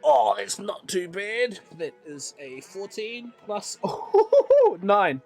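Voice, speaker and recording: Man, high voice, giggly, theatrical tabletop player, faint music behind. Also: expressive, takes it slowly, creaky. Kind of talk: playing a tabletop game.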